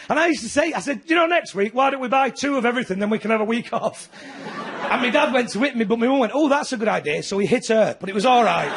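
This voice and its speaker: A man's voice: sits high, vocal fry. A middle-aged man from Manchester with a Manchester accent, doing a chatty, self-mocking, ranting stand-up routine in front of a live audience. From north of England, Manchester. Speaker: stand-up comedian. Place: comedy venue with live audience. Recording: noisy live club recording.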